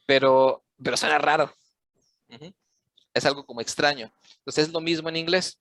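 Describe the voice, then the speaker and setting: This online English lesson is led by a man whose fairly high, somewhat bright voice moves fairly quickly on a dry recording. Patient in his explanations, he goes over key points again, quizzes the class and now and then shifts into Spanish.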